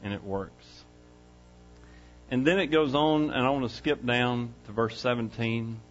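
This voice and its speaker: A middle-aged man preaching a sermon, swinging from loud excitement to hushed quiet. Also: mid-range voice, a little slow, dull audio, faint music behind. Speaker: pastor.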